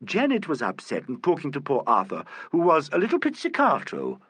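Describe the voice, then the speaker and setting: A man reading as a comfortable, gossipy old actress who talks in a jolly wheeze. The voice sounds breathy and bright, swinging up and down a lot, recorded close with no room sound. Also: a little high, huge pitch swings, a little fast, no room sound, voice pushed up, exaggerated voice. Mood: cosy. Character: old, stout, cosy actress woman. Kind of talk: audiobook character voice.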